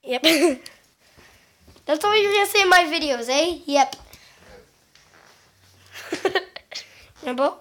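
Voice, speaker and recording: A woman chatting excitedly in a casual home vlog, giggling and exclaiming as she shows off her things to a handheld camera. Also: sits high, slow pace, long pauses. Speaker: vlogger. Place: at home indoors.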